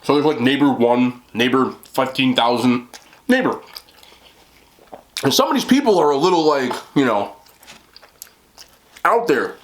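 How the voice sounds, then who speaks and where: A man's voice: mid-range voice, animated, a little slow, pauses often. A man hosting an eating show, rambling casually with lots of "like" and "you know". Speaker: mukbang host. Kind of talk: casual chat while eating.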